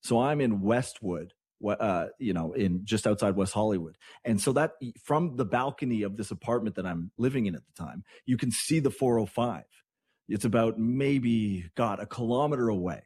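Husky, chatty radio host from Canada. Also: male voice, on the low side, moderate pace, no echo, clean studio sound. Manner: chatty, rambling, excitable asides. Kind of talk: morning radio talk.

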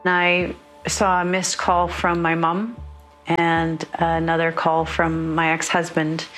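A middle-aged woman in a documentary interview, speaking in a halting, shaken way. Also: sits low, fairly bright tone. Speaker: relative interviewed.

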